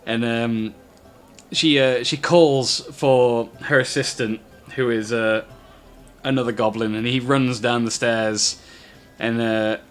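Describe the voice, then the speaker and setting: A man's voice: mid-range voice, steady tone, takes it slowly, clean tone, faint music behind. A man narrating a tabletop game as game master, telling the story with frequent fillers.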